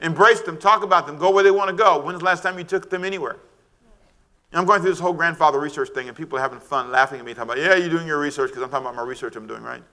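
A middle-aged man preaching a sermon, animated and shouting at times, calling for amens from the congregation. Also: a little high, racing. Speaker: pastor.

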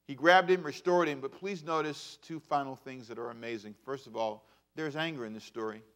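A man in his fifties preaching a sermon as pastor, swinging between loud bursts and hushed asides. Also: mid-range voice, brisk. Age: 50s.

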